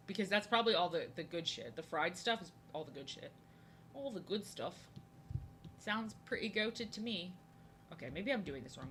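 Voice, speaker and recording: A woman's voice: medium pitch, fairly bright tone, a little hiss or hum. Young woman chatting w her stream while drawing, repeats herself a lot, really bouncy tone. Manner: chatty, answers chat, often repeats herself. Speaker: art streamer. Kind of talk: casual live-stream chat while drawing.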